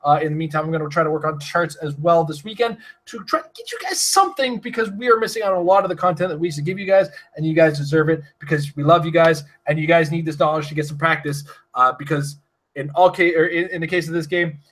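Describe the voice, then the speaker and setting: A man's voice: a little high, fast, a bit bright. A young man hosting a casual game podcast, rambling through sponsor plugs with lots of fillers. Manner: rambling, restarts with frequent fillers. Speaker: podcast host. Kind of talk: casual podcast chat reading sponsor spots.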